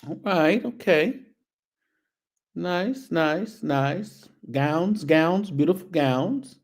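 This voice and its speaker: A slightly high-voiced man hosts a show, reacting to outfits in a slow, drawn-out way. His pitch swoops up and down as he teases, weaving in churchy turns of phrase. The delivery is sassy, relaxed commentary. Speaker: show host. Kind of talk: casual fashion commentary on a video.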